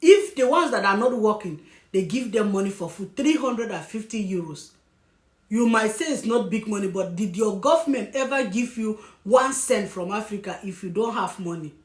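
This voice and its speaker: A woman's voice: mid-range voice, moderate pace. A woman vlogger giving emphatic, scolding commentary, breaking off now and then to apologize for what she says. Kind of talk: opinionated commentary. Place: lives in Germany. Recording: echoey room.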